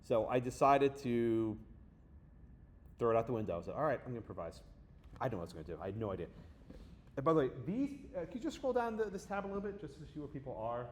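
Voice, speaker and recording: Middle-aged man, guest lecturer, animated and conversational, faint room ambience. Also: medium pitch, fast, a little hiss or hum. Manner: lively, conversational, talks to the audience with frequent "right?". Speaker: law professor giving a guest lecture.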